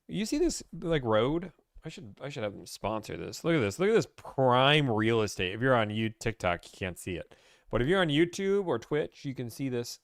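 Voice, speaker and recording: A man's voice: mid-range voice, expressive, moderate pace, no echo, studio quality. A man hosting a casual livestream, hyped and playful, talking straight to his live chat. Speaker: livestream host.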